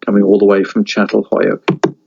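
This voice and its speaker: Guy lecturing, kinda low voice, lots of ums and restarts, muffled lo-fi sound. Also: completely flat delivery, vocal fry, a little mellow, slightly rough. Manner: halting, many fillers and restarts; reads folk tale aloud between comments. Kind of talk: university lecture.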